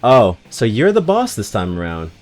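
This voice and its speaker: A man's voice: lowish voice, wildly swooping pitch, moderate pace, a little mellow, soft background music. Slangy, rambling man streaming a game. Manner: rambling, slangy, swears, self-mocking. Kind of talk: casual gaming commentary.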